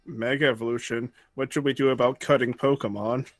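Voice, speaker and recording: A man's voice: mid-range voice, fairly even intonation, a little fast, no echo, faint music behind. A man chatting casually while playing a game, hesitant and full of fillers. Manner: hesitant, filler-heavy, laughing. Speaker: co-player. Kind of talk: casual gaming chat.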